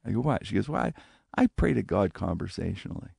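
Gravelly man telling a lively story. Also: a little fast, no echo. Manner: animated, acts out quoted speech with big pitch jumps. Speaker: guest telling a personal story. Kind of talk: casual spoken storytelling.

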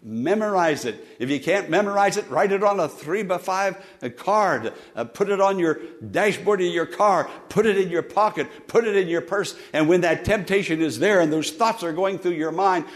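A male pastor delivering a sermon, his fairly high voice rising loud for emphasis and then dropping to soft, low asides. He calls on the congregation to repeat lines back to him. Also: moderate pace, hardly any pauses. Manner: leads the congregation in call-and-response.

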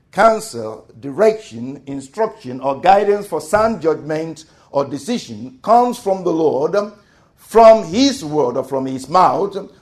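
A man preaching a sermon as pastor, repeating phrases and asking rhetorical questions, dropping soft and then rising loud. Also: fairly high pitch.

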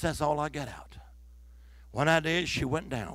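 Preacher guy, high gravelly voice, big swings from shouting to whispering, dry close sound. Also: quick pace, no echo. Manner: dramatic storytelling, swings from loud declaring to hushed whispers. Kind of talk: sermon. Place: church.

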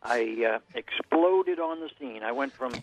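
A man's voice: fairly high pitch, very animated, unhurried, gravelly, soft background music. An older man, calling in by phone and rambling through stories with corny one-liners. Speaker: caller. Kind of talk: phone-in chat. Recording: tinny phone line.

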